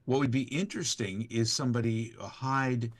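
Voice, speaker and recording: A man's voice: mid-range voice, steady tone, normal speed, no echo. A man, a voice actor, chatting casually and playfully as a livestream guest. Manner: playful, improvising.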